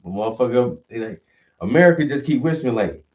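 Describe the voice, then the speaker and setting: A man's voice: mid-range voice, lively intonation, fast, darkish tone. A man ranting casually and profanely, acting out quoted voices as he goes. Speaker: stream host. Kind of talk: casual rant. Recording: dull audio, mic at a distance.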